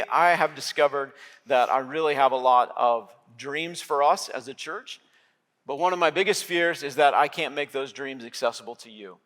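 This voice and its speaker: A man's voice: mid-range voice, fairly bright tone. Male pastor preaching in a reverberant sanctuary. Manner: conversational, with filler words. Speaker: lead pastor. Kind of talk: sermon. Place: church sanctuary. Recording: long hall reverb.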